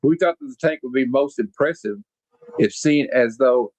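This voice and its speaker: A man voicing a flustered army general who talks in a hesitant, fumbling way in a deeper voice. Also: normal speed, darkish tone, dry recording, lightly acted, rough recording. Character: flustered army general, stalling his superiors.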